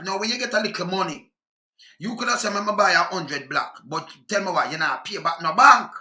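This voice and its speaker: Ranting Jamaican man, high bright voice. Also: fairly quick, roomy sound. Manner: heated, profane, repetitive patois ranting. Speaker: commentator. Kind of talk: angry political rant.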